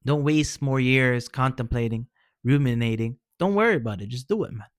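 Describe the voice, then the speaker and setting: A man's voice: medium pitch, lively intonation, moderate pace, no echo, studio quality. A man talking casually and earnestly, giving heartfelt advice in informal slang and often calling the listener man or bro. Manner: earnest, encouraging. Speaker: vlogger sharing personal experience.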